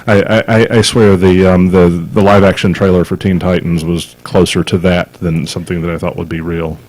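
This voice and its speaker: A lower-voiced man co-hosting a casual podcast. He rambles and hesitates, repeating words and leaning on fillers as he talks. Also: little pitch movement, a little fast, darkish tone, rough recording. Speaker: podcast co-host. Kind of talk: casual chat.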